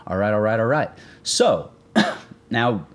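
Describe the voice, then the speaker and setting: A young man with a lowish voice chats loosely on a sports podcast. He is excitable and jokey. His pitch leaps up when something thrills him. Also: takes it slowly. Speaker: podcast co-host. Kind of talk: casual sports podcast chat.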